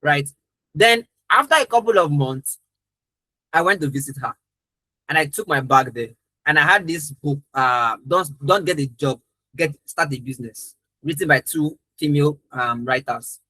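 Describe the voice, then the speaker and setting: A man's voice: fairly high pitch, normal speed, pushed and bright, no echo, rough recording. A young adult man, a trainer, telling a personal story in an earnest, emphatic way during a live training talk.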